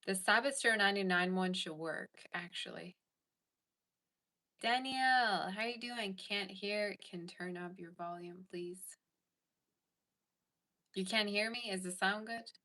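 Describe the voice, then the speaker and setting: Bright-voiced woman chatting casually. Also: medium pitch, a little slow, long pauses. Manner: chatty, reads viewer comments aloud. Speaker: tarot reader and livestream host. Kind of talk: casual livestream chat.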